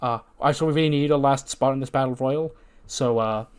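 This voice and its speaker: A man's voice: medium pitch, brisk, clean tone, close to an everyday voice. A man voicing a bumbling male wrestler who rambles hesitantly with lots of ums and uhs.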